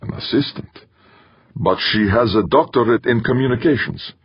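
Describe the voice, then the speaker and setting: A man with a deep, husky voice playing a proud, weary male engineer in exile, speaking tersely and holding himself back. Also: very animated, unhurried, highs cut off, exaggerated voice. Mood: anxious. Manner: terse, restrained.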